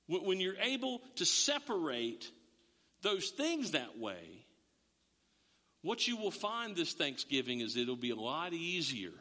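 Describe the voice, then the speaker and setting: Animated male pastor in a reverberant church. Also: on the high side. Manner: animated, acts out voices, frequent restarts. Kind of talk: sermon. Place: church sanctuary. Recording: long reverb of a church hall.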